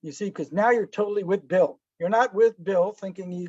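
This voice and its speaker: This meditation teacher speaks briskly in a high-pitched voice with a dark tone, giving a relaxed, conversational lesson on breathing and meditation. Rhetorical questions and anecdotes acted out in little voices fill his talk. The recording is dry, dull and lo-fi.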